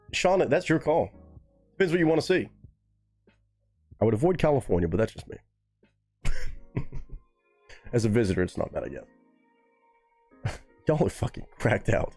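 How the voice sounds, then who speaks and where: Animated, swearing male streamer. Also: husky. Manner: animated, swearing, jumps to high pitch when surprised. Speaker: livestream host reacting to music. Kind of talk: casual live-stream chat.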